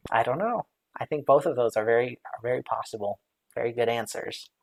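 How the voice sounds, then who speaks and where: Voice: mid-range voice, fairly quick, gravelly. Chatty, rambling Bible study leader. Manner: chatty, thinks aloud with many fillers and light laughs; reads out viewer comments and responds to them. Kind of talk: casual live-stream Bible study discussion.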